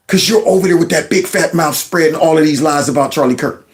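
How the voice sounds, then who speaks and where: Middle-aged male commentator, fired up and sarcastic, higher pitch. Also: lively intonation, fast. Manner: heated, mocking, mimics voices. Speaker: political commentator. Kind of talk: ranting reaction commentary.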